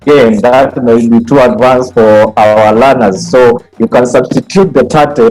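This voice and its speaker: A man leads an online training for music teachers, explaining note values step by step. He chants rhythm syllables to show each beat, in a voice of middling pitch, speaking into a computer mic. Faint music plays behind him. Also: steady tone, unhurried, darkish tone, rough recording. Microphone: computer mic on a video call.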